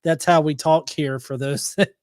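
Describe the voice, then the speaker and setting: A man, talking casually as a guest, halting and often restarting. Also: fairly high pitch, fairly even intonation, dry recording. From Alabama, US. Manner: halting, many fillers and restarts. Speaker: debate guest. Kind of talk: casual chat.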